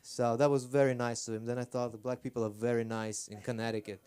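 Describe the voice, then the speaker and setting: A man's voice: mid-range voice, flat delivery, fast talker, a little mellow, clear, resonant tone. A man performing rambling, self-deprecating stand-up on a comedy club stage. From Armenia.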